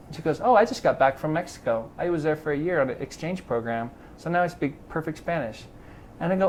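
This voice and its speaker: Speaking quickly in a slightly high voice, this middle-aged triathlon club president from Los Angeles spins animated stories during a relaxed interview, performing each quoted line. The garage recording carries a little hiss or hum.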